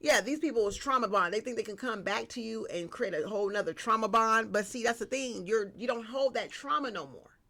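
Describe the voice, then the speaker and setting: A woman giving a casual spiritual tarot reading, lively and slangy, talking straight to her viewers. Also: a little high, brisk, hardly any pauses. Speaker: tarot reader.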